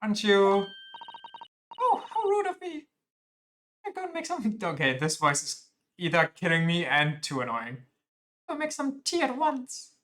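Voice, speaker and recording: A man doing a squeaky high girl, bossy inventor, haughty, bright. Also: wildly swooping pitch, moderate pace, long pauses, full character voice.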